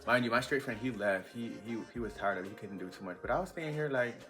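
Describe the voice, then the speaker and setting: A young man telling a casual storytime vlog, chatty and animated with lots of fillers. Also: medium pitch, quick pace, hardly any pauses, faint music behind. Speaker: vlogger.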